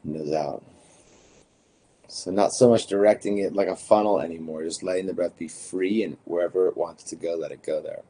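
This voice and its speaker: Man, breathwork guide, very low voice, husky, calm counted instructions. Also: moderate pace.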